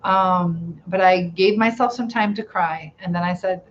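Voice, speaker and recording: A middle-aged woman hosting a live chat, reading out viewers' comments and answering in a gentle, reassuring way, asking many questions. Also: fairly low pitch, measured pace. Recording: slightly dull lo-fi sound, faint room noise.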